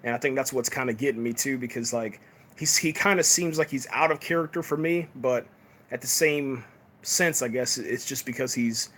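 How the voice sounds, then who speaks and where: A man's voice: mid-range voice, normal speed, fairly bright tone. A man casually reviewing a TV episode on a live stream, laid-back and loose, often tacking "man" onto his sentences. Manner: laid-back, peppers talk with "man" and fillers.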